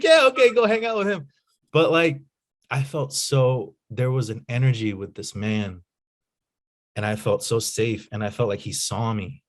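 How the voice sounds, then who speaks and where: Guy telling a story in an interview, kinda low voice, slangy and animated, says man a lot. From United States. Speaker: guest, nonprofit founder.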